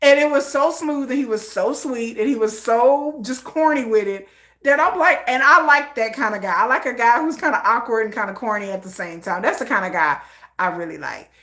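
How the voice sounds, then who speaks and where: Bright high-voiced woman vlogger chatting. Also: fairly quick, reverberant. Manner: chatty, animated retelling with many fillers. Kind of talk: casual storytelling.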